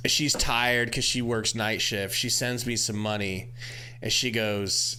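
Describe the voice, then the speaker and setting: A young man co-hosting a podcast, casually telling an animated story about his night. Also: fairly low pitch, slow, a little hiss or hum. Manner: laid-back, animated storyteller. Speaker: podcast co-host.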